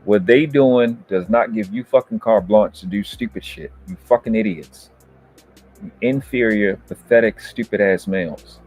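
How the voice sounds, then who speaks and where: A man's voice: lowish voice, normal speed, faint music behind. Profane, ranting male debate commentator. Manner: profane, berating, escalating into shouting. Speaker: host reviewing a debate. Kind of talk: heated commentary rant.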